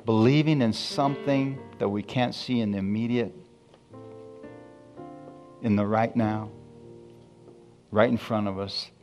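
A man preaching a sermon, reading scripture slowly and calling out to his congregation. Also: on the low side, fairly even intonation, a little mellow, soft background music.

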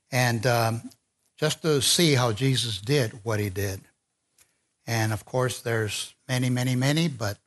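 A man delivering a sermon in a mid-range voice, neither high nor low. He talks informally rather than in a formal pulpit manner, pausing and restarting his thoughts as he goes. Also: fairly bright tone. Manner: conversational, with fillers and restarts. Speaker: preacher.

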